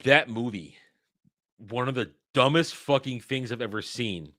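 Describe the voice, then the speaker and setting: A man's voice: mid-range voice, a little slow, pushed and bright, no room sound, clean studio sound. A man hosting his own livestream who talks bluntly and rambles, swears freely and often restarts his sentences. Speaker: livestream host. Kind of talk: casual livestream talk.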